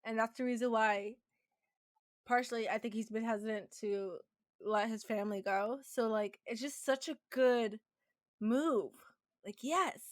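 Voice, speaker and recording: A woman's voice: fairly high pitch, measured pace, no echo, clean studio sound. Giggly woman co-hosting a recap podcast. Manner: giggly, emphatic, reactive. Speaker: podcast co-host. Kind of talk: casual recap chat.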